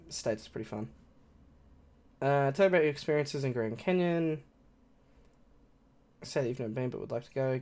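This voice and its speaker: A man in his twenties with an Australian accent, commenting on a game in an excitable, swearing way with loud laughs. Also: mid-range voice. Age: 20s. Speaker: streamer. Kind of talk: casual gameplay commentary.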